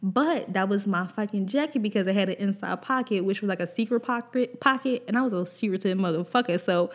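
A young woman from Pennsylvania hosts a casual podcast, speaking a little fast in a mid-range voice. She tells a profane childhood story while laughing and acts out the people in it.

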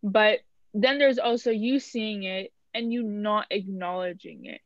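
A young woman co-hosting a podcast, talking in a casual, animated way with lots of fillers. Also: medium pitch, a little slow, dry recording. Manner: animated, chatty, many fillers. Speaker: podcast co-host. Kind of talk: casual chat. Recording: dull lo-fi dry sound.

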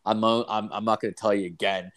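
A man's voice: lowish voice, fairly even intonation, fast talker, fairly bright tone. A young man telling a crude story in casual chat, swearing constantly and rambling as he acts out what people said. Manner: profane, rambling, acts out quotes.

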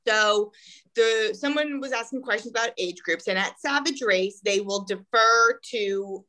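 A woman's voice: fairly high pitch, unhurried, bright, forceful tone, rough recording. A woman hosting a podcast, chatting casually and laying out the next topic. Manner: brief affirmations, then explains topics. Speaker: podcast host. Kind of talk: casual chat.

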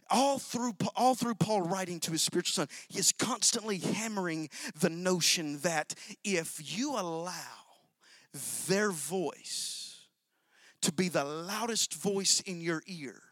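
High, bright-voiced male preacher. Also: unhurried, no echo, studio quality. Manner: swings between loud, sing-song shouting and low, quiet asides; addresses the congregation directly with call-and-response questions. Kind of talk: sermon.

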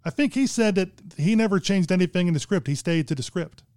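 A man's voice: sits high, animated, brisk, darkish tone, no echo, clean studio sound. A man co-hosting a casual film chat, rambling and hesitant, with many restarts. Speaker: podcast co-host discussing films.

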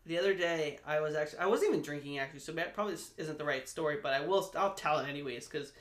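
A man's voice: on the high side, racing. A man co-hosting a podcast, chatting loosely and profanely about beer and partying. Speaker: podcast co-host. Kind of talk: casual beer-tasting banter. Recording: echoey room.

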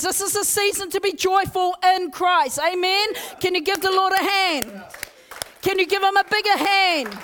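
A young woman with a very high voice preaches an energetic Pentecostal sermon to a church congregation. She is loud and excitable, leading call-and-response and urging the crowd along. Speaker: guest preacher. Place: church service.

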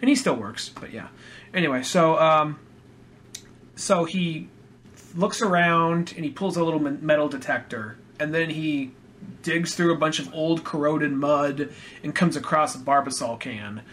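A man's voice: fairly high pitch, a little slow, fairly bright tone, a little hiss or hum. A man hosting a podcast, chatting in a laid-back, rambling way and swearing freely. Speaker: podcast host. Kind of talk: casual chat.

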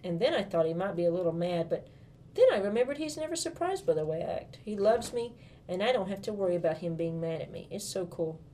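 A woman's voice: on the low side, animated, quick pace, mellow, slight background noise. A woman reading a first-person storybook as a young girl, in a bubbly, gushing manner full of childlike enthusiasm.

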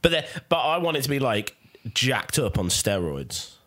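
A man's voice: mid-range voice, sing-song, normal speed, a bit bright. A man co-hosting a podcast in sweary, bantering casual chat. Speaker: podcast co-host.

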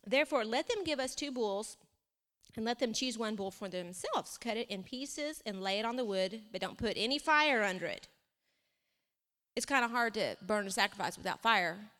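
A woman preaching a sermon, reading scripture aloud with lively asides. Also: a little high, moderate pace. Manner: animated, reads scripture aloud with asides and laughs. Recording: long reverb of a hall.

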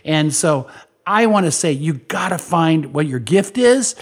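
A man's voice: on the high side, expressive, a little slow. A man preaching as a pastor on a podcast, earnest and repeating key lines for emphasis. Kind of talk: podcast sermon.

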